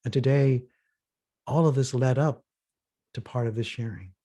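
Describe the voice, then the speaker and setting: This man facilitates a workshop with reflective talk, recounting stories in earnest and performing the voices of those he quotes. He speaks at a moderate pace in a mellow, mid-range voice.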